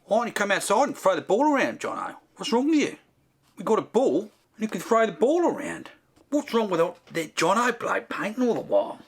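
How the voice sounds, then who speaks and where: A man doing a loud heckling Aussie bloke. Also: high voice, big pitch swings, a little fast, gravelly, slightly rough, pitched above the performer's own voice, full character voice. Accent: put-on Australian. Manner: loud, heckling, calls everyone mate. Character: blokey Australian man, pushy and sporty.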